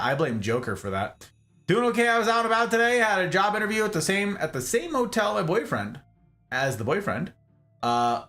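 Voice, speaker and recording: A man hosting a casual livestream, chatting with viewers in a jokey, exclamatory way. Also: fairly high pitch. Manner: animated, jokey, exclaims and laughs often. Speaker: livestream host. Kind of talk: casual chat with live viewers.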